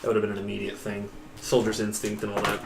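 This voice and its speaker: A man's voice: fairly low pitch, completely flat delivery, fast, creaky, a little hiss or hum. Casual male game master in echoey room. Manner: casual, self-correcting narration. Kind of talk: narrating a tabletop game.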